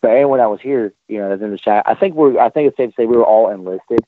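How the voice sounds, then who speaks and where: A man's voice: lowish voice, fast talker, dry recording. Profane man on a tinny call. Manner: profane, animated anecdote telling. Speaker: podcast host, military veteran. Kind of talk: casual storytelling chat. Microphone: online call. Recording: dry, tinny phone-like call audio.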